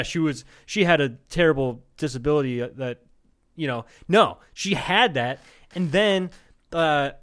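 A man's voice: on the high side, fairly bright tone. A young man co-hosting a comedy podcast, telling a rambling, profane story in casual chat. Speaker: podcast co-host.

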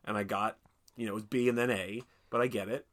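Bright-voiced man riffing on movies. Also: lowish voice, fast. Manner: animated, slips into exaggerated impressions and silly voices. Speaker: podcast co-host. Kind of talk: casual movie review chat.

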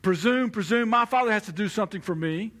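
A man's voice: high voice, quick pace, fairly bright tone. A man preaching a sermon in a conversational way, now and then acting out the voices of the people he quotes. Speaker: pastor.

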